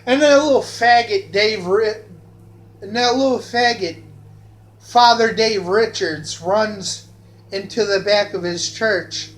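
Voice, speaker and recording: A man drags out a long, rambling story of his own in an unhurried way. He is profane throughout and circles back over the same phrases again and again. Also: high voice, fairly bright tone. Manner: profane, repeats phrases, drawn-out. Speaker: vlogger telling a personal story. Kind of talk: rambling personal anecdote.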